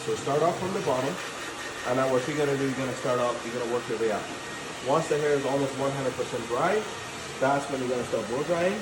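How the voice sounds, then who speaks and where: Male salon stylist, mid-pitched, instructive and repetitive, in an echoey room. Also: noisy background. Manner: instructive, repeats words often. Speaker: hair stylist. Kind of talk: casual how-to demonstration. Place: hair salon.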